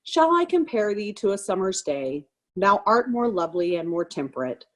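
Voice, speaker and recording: A woman's voice: mid-range voice, big pitch swings, normal speed. A woman reading a stage monologue cold, voicing a wife who jokes through the pain of a divorce she refuses. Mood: hurt, softening. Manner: sarcastic, forced laughter over pain.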